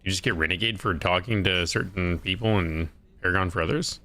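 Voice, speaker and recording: Low raspy-voiced guy streaming a game, chill chatter. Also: brisk, bright, forceful tone. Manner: laid-back, chatty reactions. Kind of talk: casual gameplay commentary.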